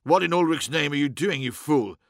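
Man voicing a loud, blunt warrior captain. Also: on the high side, brisk, gravelly, no echo, studio quality. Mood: forceful. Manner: snapping, forceful.

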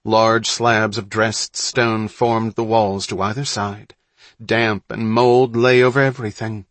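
A man narrating a story in a measured, suspenseful reading. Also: fairly low pitch, flat delivery, fairly bright tone, no room sound. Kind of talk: audiobook narration.

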